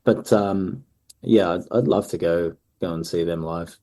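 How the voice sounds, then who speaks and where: A man's voice: sits low, measured pace, warm tone. A man in his thirties, a musician answering interview questions in an easygoing way with frequent ums. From Australia. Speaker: musician guest.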